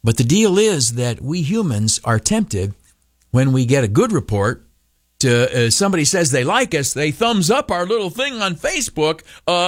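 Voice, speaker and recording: A male radio broadcaster giving an animated motivational talk, often stopping on filler uhs and breaking into mocking high voices. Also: moderate pace, no room sound, clean studio sound.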